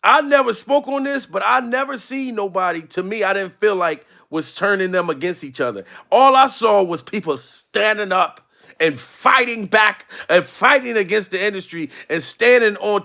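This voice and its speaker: A man hosting a comedic commentary, ranting loudly and profanely with exasperation, often shouting. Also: sits high, animated, normal speed, vocal fry. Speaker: commentary host.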